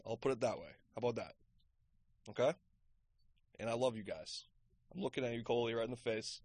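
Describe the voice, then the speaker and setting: A man's voice: medium pitch, fairly quick, darkish tone, no room sound. Mock-earnest man, casual podcast guest. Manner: mock-earnest, self-deprecating apologies.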